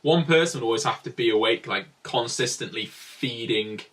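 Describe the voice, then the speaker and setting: Male vlogger, young, bright tone, filler-heavy storytelling, a bit off-mic. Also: mid-range voice, normal speed, far from the mic. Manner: chatty, rambling, many "like" fillers. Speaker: travel vlogger. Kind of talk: casual storytelling narration.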